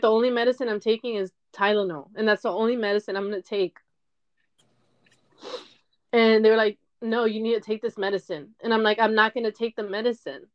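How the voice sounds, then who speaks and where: A woman's voice: mid-range voice, lo-fi sound. A young woman podcaster telling a personal story in a candid, emotional monologue, often tearful and swearing.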